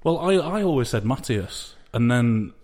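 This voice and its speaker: A man co-hosting a relaxed football podcast in a mid-pitched, even voice. He keeps the chat on track and patiently corrects his co-host. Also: normal speed. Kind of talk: casual chat.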